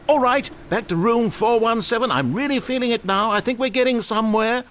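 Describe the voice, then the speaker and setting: Brief: a high, sweeping, manipulative video game narrator, theatrical. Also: male voice, animated, a little fast, fairly bright tone. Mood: coaxing. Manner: theatrical, grandly encouraging. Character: disembodied male narrator, coaxing and manipulative.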